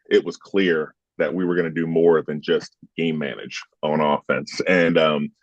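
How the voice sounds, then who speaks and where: Low-pitched with a darkish tone, a man in his fifties from the United States, formerly a football player, narrates stories in an interview with heated emphasis and the occasional swear. The recording is dry and slightly dull.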